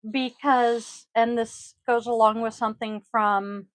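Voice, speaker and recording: On a casual podcast, a yoga teacher rambles chattily, peppering her speech with ums and throat-clearing. Her voice is on the high side with a steady tone, and she speaks a little slowly. Close-miked at home, the recording has no room sound but is rough.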